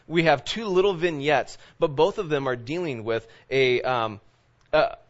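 A man's voice: a little high, a little slow. Chatty male pastor, lo-fi sermon. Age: adult parent of children. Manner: conversational, rambling, filler-heavy preaching.

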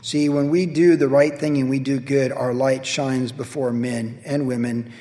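A man's voice: mid-range voice, fairly even intonation, unhurried, mellow, long reverb tail. A middle-aged man preaching a sermon as a pastor, telling a personal story in a casual, self-deprecating way.

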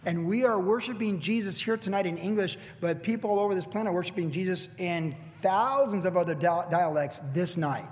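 A middle-aged man preaching a conversational sermon to an evening congregation, full of joking asides and bursts of excited emphasis. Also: sits high, brisk, hardly any pauses. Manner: chatty, jokey asides, swings into excited emphasis. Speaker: pastor. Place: church hall with evening congregation. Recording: long hall reverb.

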